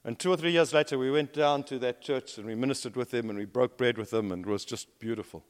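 A man preaching a sermon, telling stories and swinging between emphatic rises and low, quiet drops. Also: fast. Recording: long hall reverb.

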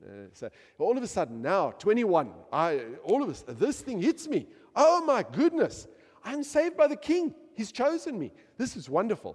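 Passionate preacher man in an echoing hall. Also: a little high. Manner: passionate, swings between shouting and hushed asides. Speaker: pastor. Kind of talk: sermon.

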